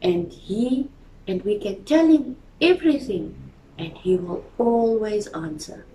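Slow-reading woman storyteller in church. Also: mid-range voice, lively intonation, roomy sound, recorded from a distance, a little hiss or hum, rough recording. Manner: gentle, addresses children directly. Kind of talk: reading a children's story aloud.

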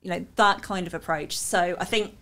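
A woman guest in a casual podcast chat, telling stories in a lively, self-deprecating way. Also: fairly low pitch, normal speed.

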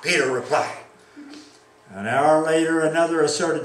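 A man preaching a sermon as pastor, reading scripture aloud and acting out the quoted lines with animated delivery. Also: medium pitch, normal speed, roomy sound, far from the mic, low-quality recording.

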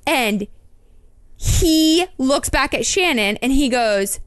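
In a high, smooth voice and at a slow pace, a woman co-hosting a podcast narrates a story during casual conversation. She's lively, performing the voices of the people she quotes, and the audio has no echo.

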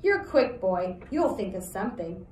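A woman's voice: mid-range voice, very animated, moderate pace, a little mellow, reverberant, recorded from a distance, a little hiss or hum, close to an everyday voice. A woman reading aloud voicing a spoiled, haughty young prince who talks down to others. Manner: haughty and dismissive.

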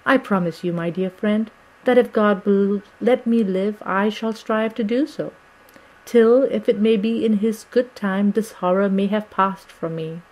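A brave, sorrowful young wife, read by a woman narrator in an audiobook, speaking quietly and with resolve. Her voice sits in a middle register, close to the reader's own. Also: mid-range voice, unhurried, natural voice, poor audio. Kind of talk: audiobook character reading.

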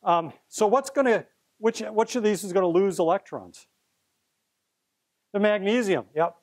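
A man's voice: sits high, a little slow. A middle-aged man teaching chemistry to a live class, playful and theatrical, coaxing students up to help him at the board. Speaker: chemistry professor.

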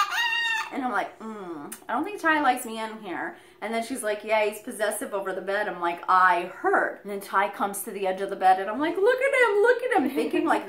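A woman telling a story on her parrot vlog, animated and laughing as she acts out what was said. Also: a little high, echoey room. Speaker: parrot vlogger. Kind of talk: casual story time.

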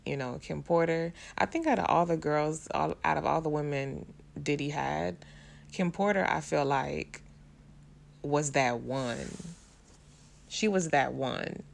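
A woman's voice: sits low, measured pace, creaky. A young adult woman chatting casually about celebrity gossip in a slangy, emotional vlog style. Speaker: vlogger.

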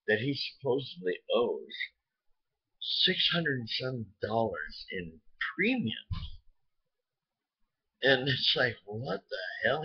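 A man's voice: medium pitch, slightly rough, dull audio. A man ranting to the camera from his home, heated and rambling, swearing often. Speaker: vlogger. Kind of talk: angry political rant to camera.

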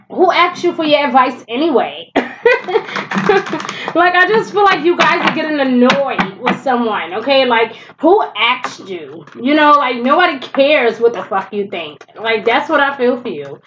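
Woman, fairly high voice, casual blunt tarot reader, stuffy nose, slightly dull recording. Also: fairly bright tone, slight background noise. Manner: chatty, blunt, swears freely, laughs often. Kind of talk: casual tarot reading to camera.

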